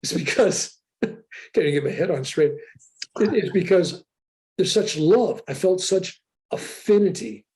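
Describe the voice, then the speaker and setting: An older man telling a story with animated excitement as an interview guest on a video call. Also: high-pitched, a little slow. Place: room with a sheetrock wall.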